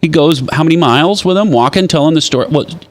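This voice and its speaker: A man speaking as a guest on a faith talk show, halting and restarting, then turning animated when telling stories. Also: a little high. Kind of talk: casual faith chat.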